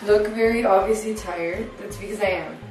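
A woman's voice: mid-range voice, fairly even intonation, moderate pace. A woman chatting casually to the camera in a vlog at home, giggly and talkative. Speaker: vlogger. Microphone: camera held by someone else. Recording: roomy, camera a bit distant. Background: music playing.

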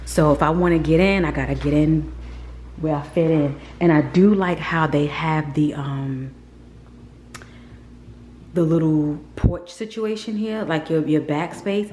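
A woman talks casually to her camera while touring a model townhouse. Her voice is low and mellow, often dropping to a hushed whisper. Faint background noise sits under the indoor recording. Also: measured pace. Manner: chatty and candid, often drops to a whisper. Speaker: vlogger.

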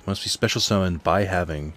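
A man's voice: low voice, fairly quick, fairly bright tone, soft background music. A man thinking aloud while he plays a card game at home, rambling and reading out card text in casual commentary. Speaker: let's play host. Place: home apartment.

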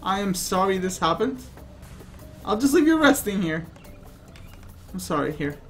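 A man giving playful, excitable let's play commentary and often bursting into laughter. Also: high voice, measured pace, soft background music. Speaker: gaming YouTuber.

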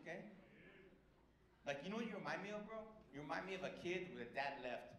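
A brash male comic working the crowd in a roomy club, his voice a bit high and swinging all over the place. He talks fast and profane, teasing people in the front rows. Clear room noise sits under him. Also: animated. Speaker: stand-up comedian. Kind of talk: crowd-work stand-up. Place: comedy club stage.

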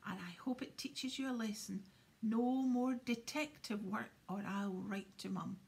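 Woman playing a pompous boy prefect, stern, scolding, mellow. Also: sits high, moderate pace, voice pushed up.

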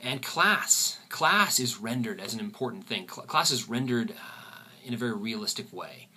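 A man teaching a literature lesson, often pausing and repeating words as he thinks. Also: mid-range voice, animated, bright, forceful tone, slight background noise. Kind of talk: recorded lecture.

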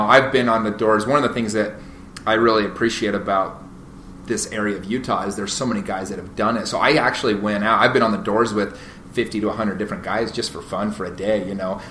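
A man on a podcast rambles through his stories, animated and full of fillers and restarts. His voice sits a little low but has a bright edge. The room echoes around him, with a faint hiss underneath. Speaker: podcast guest, real estate agent. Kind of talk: casual interview storytelling. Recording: roomy echo, faint noise.

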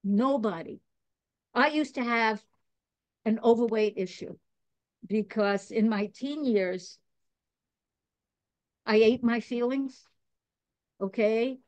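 A woman's voice: a little high, slow pace, pauses often, darkish tone, clean tone, no room sound. A woman from New York, a podcast guest, talking in a chatty, digressive way, laughing at herself and earnest about spiritual growth. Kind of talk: casual chat.

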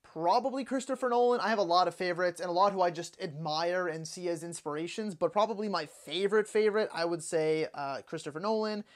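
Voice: mid-range voice, fairly even intonation, fast, few pauses. A young adult in their twenties hosting a casual question-and-answer vlog as a movie channel host, chatting loosely with lots of "like" fillers and self-corrections. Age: 20s.

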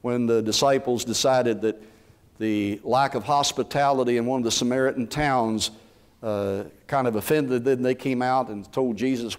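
A man's voice: mid-range voice, moderate pace. A man preaching a sermon, acting out what Bible figures might have said. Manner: animated preaching, acting out Bible characters' words. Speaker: pastor.

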